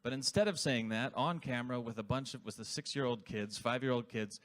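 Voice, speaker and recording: A man's voice: mid-range voice, a little fast, a bit bright. A man with a mid-range voice telling a funny story on a convention panel. He rambles and loses his thread, then switches to another tale. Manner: rambling, easily sidetracked, jokey. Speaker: cast member at a reunion panel.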